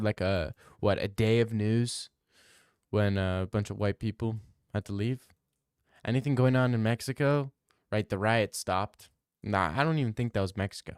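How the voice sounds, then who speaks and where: A man's voice: fairly low pitch, smooth, no room sound, clean studio sound. A young man hosting a livestream, reading out chat and rambling in a crude, jokey, casual way. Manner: rambling, crude, jokey, slips into silly voices. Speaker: livestream host answering chat.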